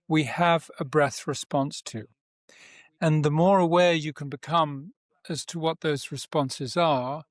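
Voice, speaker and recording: A man's voice: on the high side, no room sound, clean studio sound. A man, a breathwork teacher and author, explaining at length as a podcast guest, posing rhetorical questions and repeating key phrases.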